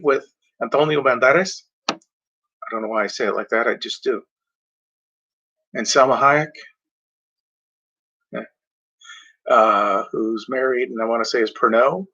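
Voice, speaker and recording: A man talking casually about movies, rambling and halting, often clearing his throat and filling pauses. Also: medium pitch, fairly bright tone, dull audio. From Mexico. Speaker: movie reviewer. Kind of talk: casual movie talk, reading back covers.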